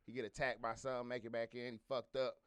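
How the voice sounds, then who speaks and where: Man, mid pitch, dry close sound, casual chat, laid-back, profane. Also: level tone, quick pace, fairly bright tone, clear, resonant tone, dry recording. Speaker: podcast co-host.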